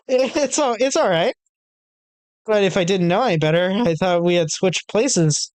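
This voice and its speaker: A man's voice: high-pitched, animated, a little slow, clean tone, dry recording. A man voicing a poised, confident teenage girl club president in a playful, teasing way. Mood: amused. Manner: playful, teasing, gently coy.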